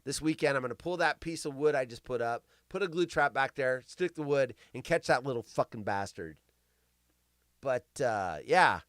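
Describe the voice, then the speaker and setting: Male live-show host; clear, smooth voice swinging wide in pitch, crude self-mocking humor. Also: expressive, moderate pace, a bit bright, no echo, clean studio sound. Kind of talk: live comedic news chat.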